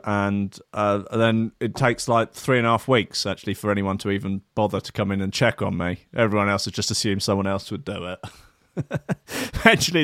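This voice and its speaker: Bright, rambling DJ host. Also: male voice, lowish voice, dry recording, studio quality. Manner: rambling, profane, self-mocking humor. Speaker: DJ and show host. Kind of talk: casual chat. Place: studio at a desk. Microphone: webcam setup.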